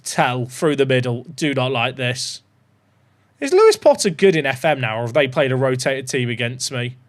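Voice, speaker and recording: A young man chatting through a football management game, joking and bursting into excited shouts. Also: mid-range voice, moderate pace. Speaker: gaming YouTuber.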